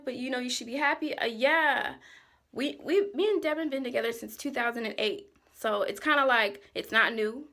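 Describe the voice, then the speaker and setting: Woman vlogger, 20s, stressed and exasperated, higher voice with vocal fry, frank casual venting. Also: bright, forceful tone. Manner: frank, exasperated, lots of "like" and "you know".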